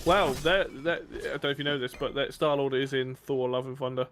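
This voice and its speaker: Male streamer, casual chat, enthusiastic rambler, mid pitch. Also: fairly even intonation, brisk, a bit bright. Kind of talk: casual chat while gaming.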